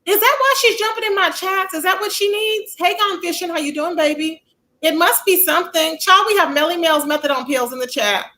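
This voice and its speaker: This woman talks fairly quickly on her livestream, reading out viewer comments and chatting freely with a casual, sassy air. The recording is rough, but her high voice comes across bright and forceful.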